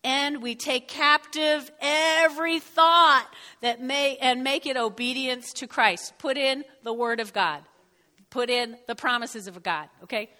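A woman pastor preaching a lively, joking, emphatic sermon in a church. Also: high voice, measured pace. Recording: long hall reverb.

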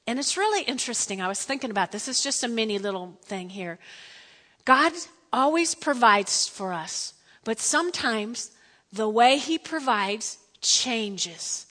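A woman's voice: a little high, animated, measured pace, bright, forceful tone, in a large hall. A woman teaching a Bible lesson in a chatty, playful way, with asides to her listeners.

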